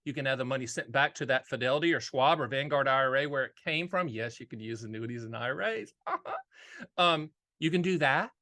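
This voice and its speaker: A middle-aged man who hosts a casual, straight-talking show about annuities, talking in an energetic, folksy way and repeating his key phrases. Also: mid-range voice, fairly quick. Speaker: annuity agent and show host. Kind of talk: casual straight-talk explainer.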